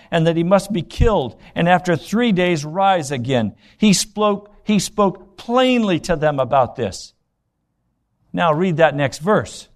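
Storytelling pastor preaching a sermon. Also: male voice, fairly high pitch. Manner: storytelling preacher acting out scripture dialogue; rapid rhetorical questions to the congregation.

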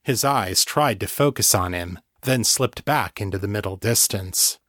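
A man reading a story aloud in a steady, measured scripted narration. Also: fairly low pitch, no echo, studio quality. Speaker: audiobook narrator.

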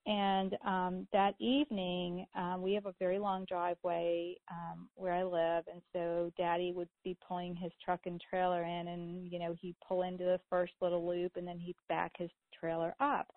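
Low-voiced chatty woman host. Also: no room sound. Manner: chatty storyteller, laughs often. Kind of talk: casual chat. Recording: tinny phone-like call audio, dry.

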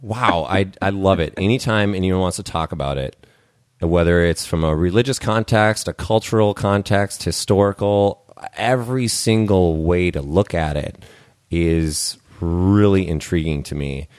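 A man's voice: low voice, measured pace, a little mellow, no echo, studio quality. A man hosting a podcast conversation, thinking aloud in a reflective way with many fillers. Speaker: podcast host. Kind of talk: conversational interview.

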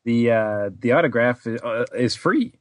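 A man's voice: mid-range voice, animated, normal speed, no room sound. A man hosting a podcast, chatting easily and steering the conversation along. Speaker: podcast host. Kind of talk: casual podcast chat.

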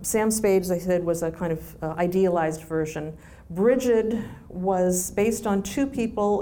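A woman answering audience questions in a chatty, relaxed way, with frequent ums and restarts. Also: medium pitch. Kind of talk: casual Q&A answers.

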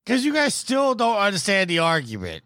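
A man with a New York accent hosts a casual gaming podcast, ribbing his friends like a showman. His pitch leaps and dips all over the place. The sound is dry and close to the mic. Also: brisk, dry recording. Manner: teasing, animated showman. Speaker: podcast host.

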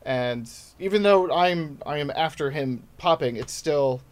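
A man in his thirties with a slightly higher-pitched voice, chatting as a guest comic on a podcast. He rambles through his stories, mocks himself and keeps the talk loose and casual. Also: measured pace. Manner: rambling, self-deprecating storytelling. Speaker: stand-up comedian guest.

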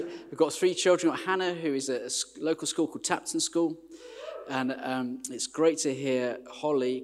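A man in his forties from the West Midlands, a vicar chatting warmly and self-deprecatingly as he opens a sermon. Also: medium pitch. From West Midlands, England. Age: 40s. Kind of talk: sermon introduction. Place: large church hall. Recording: church hall reverb.

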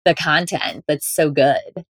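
A woman's voice: low-pitched, animated, slow, no room sound, studio quality. A woman guest on a podcast interview, talking in an upbeat, playful way. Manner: upbeat, playful, laughs often. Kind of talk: interview, conversational.

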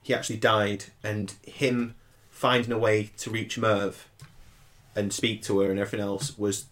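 A man's voice: on the low side, little pitch movement, normal speed, a bit bright. A man co-hosting a podcast, chatting casually and laying out his ideas in a thoughtful way. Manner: thoughtful, theorizing. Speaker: podcast co-host. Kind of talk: casual chat.

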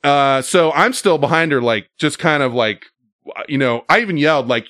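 A man's voice: mid-range voice, lively intonation, moderate pace, pushed and bright, dry recording, studio quality. A man telling a story casually, with lots of fillers and swearing.

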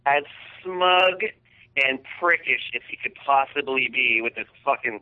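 A man's voice: medium pitch, big pitch swings, normal speed, pushed and bright. A man hosting a podcast, retelling an embarrassing story in a casual, profane, heated way. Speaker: podcast host. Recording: tinny phone-like sound.

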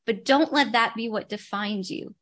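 A woman with a fairly high voice speaks as a guest in a podcast interview. She coaches on personal branding and states her points firmly. She repeats her key ideas to stress them. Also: normal speed, fairly bright tone. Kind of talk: interview conversation.

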